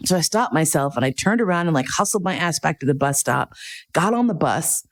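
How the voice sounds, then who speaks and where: Animated profane middle-aged woman. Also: low voice, brisk. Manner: animated, profane, comic outbursts in quoted inner voice. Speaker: podcast host telling a personal story. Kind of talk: casual storytelling monologue.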